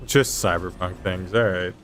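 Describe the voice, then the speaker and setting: A young man streaming a video game live, ranting in an excitable, profane, exasperated way. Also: low voice, moderate pace, soft background music. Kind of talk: live gameplay commentary.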